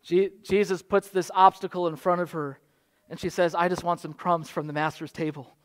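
A man's voice: sits high, level tone, moderate pace. A man in his thirties, a pastor, preaching a sermon in an earnest manner that builds to fervent exhortation.

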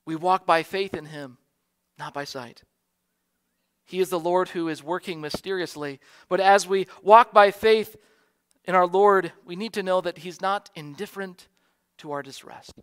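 An American man, a pastor, preaching a sermon in an earnest way, softly repeating key lines for emphasis. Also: sits high, normal speed, clean tone.

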